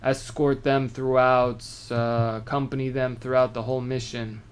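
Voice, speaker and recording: Man teaching a relaxed text-study lesson. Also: mid-range voice, normal speed, clear, resonant tone. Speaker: Torah teacher.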